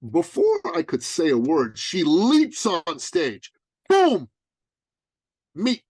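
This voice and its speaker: A middle-aged man, a business coach interviewed as a guest, telling a story with animated, dramatic emphasis. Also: fairly high pitch, takes it slowly, slightly rough, no echo.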